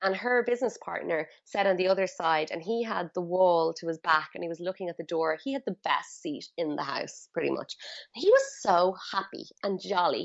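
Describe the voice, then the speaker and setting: A woman guest on a podcast interview, explaining feng shui in a chatty, animated storytelling way with many fillers. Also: on the low side, brisk, gravelly, dull audio.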